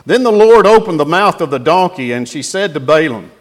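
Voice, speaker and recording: A man preaching, retelling a scripture story in a folksy, animated way. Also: fairly high pitch, brisk, few pauses. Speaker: pastor.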